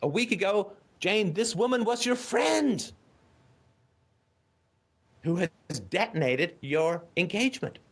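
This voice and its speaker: A man's voice: high voice, expressive, slow, pauses often. Blunt, lecturing male call-in host. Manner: emphatic and lecturing, blunt and profane, keeps asking "right?". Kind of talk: call-in advice monologue.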